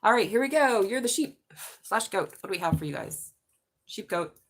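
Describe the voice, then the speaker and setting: Excitable woman in her 40s doing a live tarot stream, swears a lot, keeps laughing, normal mid pitch. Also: moderate pace. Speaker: tarot reader.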